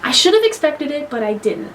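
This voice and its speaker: A young woman with a high-pitched voice reviews a movie in a casual vlog. She talks in an excitable, gushing way and swears freely. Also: fairly quick, slight background noise.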